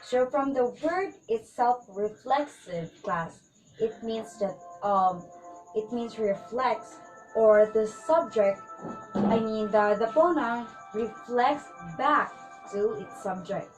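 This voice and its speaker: A woman teacher slowly gives her class a grammar lesson, patiently repeating points and often addressing the students. Her voice is fairly high, and the rough recording has music playing underneath.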